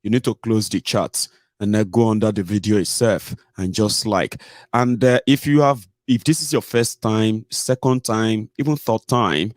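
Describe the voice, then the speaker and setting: A man's voice: fairly low pitch, steady tone, normal speed, no room sound, studio quality. A Nigerian man hosting a casual livestream, chatty, mixing in pidgin and frequent "eh" and "omo". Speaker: host.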